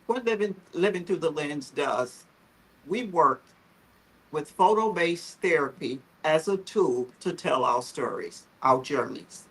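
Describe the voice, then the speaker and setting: A woman's voice: low-pitched, expressive, unhurried, breathy edge, low-quality recording. A woman, founder of a photo therapy group, telling her personal story on a livestream video call in a heartfelt, emotional, earnest way.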